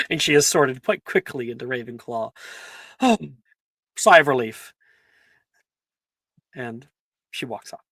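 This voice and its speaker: A game master narrating a tabletop role-playing game in a relaxed way, often laughing and clearing the throat. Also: medium pitch, a little slow, pauses often, no echo.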